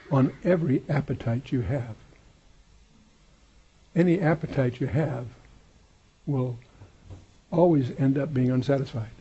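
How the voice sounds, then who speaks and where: Husky-voiced male Bible teacher, lo-fi. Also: medium pitch, dark tone. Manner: conversational, wry asides and digressions. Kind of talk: verse-by-verse Bible study lecture.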